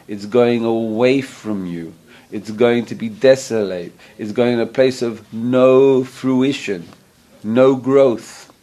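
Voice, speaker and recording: Man, rabbi, Torah lesson, slow delivery, earnest, asks listeners questions. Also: medium pitch, a little mellow. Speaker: rabbi teaching a class.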